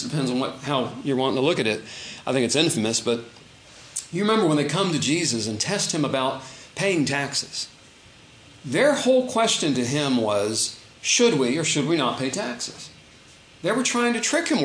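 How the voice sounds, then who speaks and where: Guy preaching a sermon, chatty and emphatic, voice swings up and down a lot, bit of room echo. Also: fairly high pitch. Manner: expressive, conversational, emphatic. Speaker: pastor.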